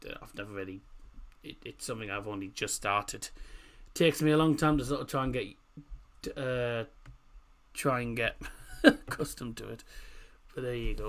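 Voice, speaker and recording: A man's voice: fairly high pitch, fairly bright tone. A man hosting a casual football watchalong stream, rambling through chat messages with lots of fillers.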